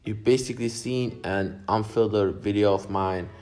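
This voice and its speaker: A man's voice: lowish voice, steady tone, normal speed, a little mellow, faint music behind. A young man vlogger casually commenting on his own silent video, laid-back, swearing and mocking himself.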